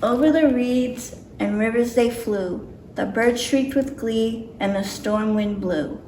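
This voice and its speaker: A woman's voice: fairly high pitch, slow pace, warm tone, a little hiss or hum. A woman reading a picture book aloud with careful, slightly nervous delivery. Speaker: storybook reader. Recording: roomy echo, mic far off.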